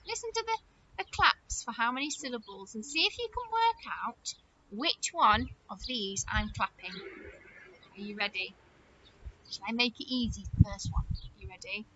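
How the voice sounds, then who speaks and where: A woman teaching a phonics lesson to young children, in a sing-song, encouraging manner with slow, exaggerated words. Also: on the high side, lively intonation, bright, forceful tone, lo-fi sound, slight background noise.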